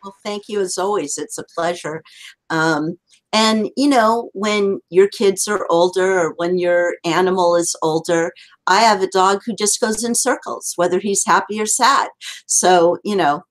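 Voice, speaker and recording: Brief: woman guest, relaxed and friendly, casual chat on a video call. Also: fairly low pitch, measured pace, poor audio.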